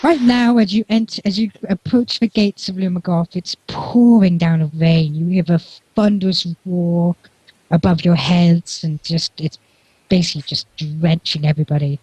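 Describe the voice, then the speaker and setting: A man's voice: sits high, steady tone, normal speed, a little mellow, dry recording, low-quality recording. A man running a tabletop game as game master, chatty and laughing often.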